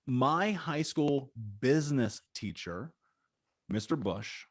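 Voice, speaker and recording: Animated man from Indiana telling stories. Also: a little high, no echo, studio quality. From Indiana, USA. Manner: animated, swearing, slangy storyteller. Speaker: guest. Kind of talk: storytelling interview.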